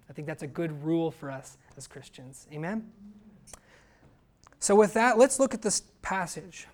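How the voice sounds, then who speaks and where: A man's voice: on the high side, lively intonation, normal speed, pauses often, darkish tone. Male pastor, earnest and emphatic sermon delivery, asks the room rhetorical questions.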